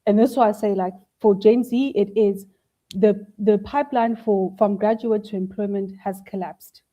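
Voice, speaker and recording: A woman's voice: mid-range voice, steady tone, moderate pace, dark tone, low-quality recording. A woman on a panel, explaining things conversationally with lots of everyday questions. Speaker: panel speaker.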